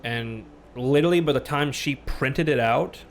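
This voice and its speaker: A man ranting on a casual podcast, telling a story, swearing freely and getting loud when angry. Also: medium pitch, moderate pace, slight background noise. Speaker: podcast host.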